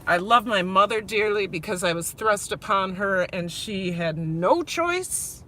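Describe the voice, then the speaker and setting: Woman, Minnesota accent, bright tone; rambling live-stream chat from her car. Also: mid-range voice, lively intonation, a little slow, a little hiss or hum. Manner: chatty, rambling, talks to viewers directly. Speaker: vlogger. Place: inside a car.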